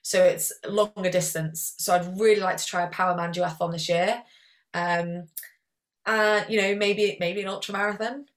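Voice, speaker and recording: A woman's voice: medium pitch, fairly even intonation, normal speed. A young woman, chatting as a guest athlete in a casual interview, rambling and peppering her talk with "like".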